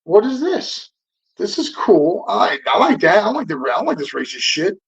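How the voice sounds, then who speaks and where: A man in his fifties tells stories as a podcast guest, rambling along with plenty of swearing, false starts and fillers. His voice sits a bit high for a man. The recording sounds dull and lo-fi. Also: sing-song, moderate pace, gravelly, a bit bright, breathy edge. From Southern California. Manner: rambling and profane, full of fillers and restarts. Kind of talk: casual storytelling interview. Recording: dull lo-fi audio.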